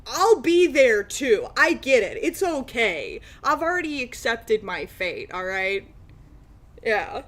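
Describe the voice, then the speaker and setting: A woman's voice: a little high, very animated, slow pace, fairly bright tone. A woman chatting casually with her stream viewers and breaking into frequent laughing fits. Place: room lit by natural light.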